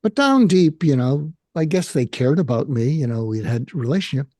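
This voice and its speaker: An older man with an American accent, a psychiatrist speaking candidly and haltingly about his own feelings in an interview. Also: fairly high pitch, sing-song, darkish tone, no echo, studio quality. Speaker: guest, psychiatrist. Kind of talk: emotional personal conversation.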